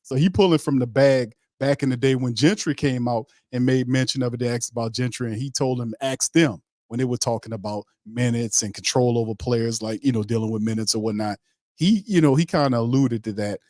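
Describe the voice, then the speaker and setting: A man's voice: mid-range voice, a little fast, warm tone, dry recording, studio quality. A man hosting a casual sports talk show, talking in a loose, emphatic, slangy way with many restarts. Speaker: podcast host.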